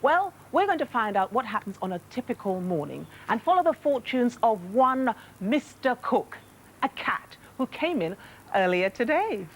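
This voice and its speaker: A woman's voice: fairly high pitch, big pitch swings, moderate pace, slight background noise, poor audio. A woman reporting live from an animal clinic, chatty and affectionate. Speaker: location reporter. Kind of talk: live outside broadcast presenting.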